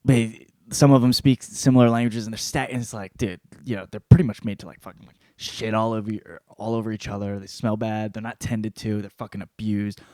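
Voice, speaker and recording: A man hosting a podcast, rambling through a casual book review with constant swearing and animated storytelling. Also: lowish voice, fairly quick, few pauses, dry recording, studio quality. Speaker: podcast host.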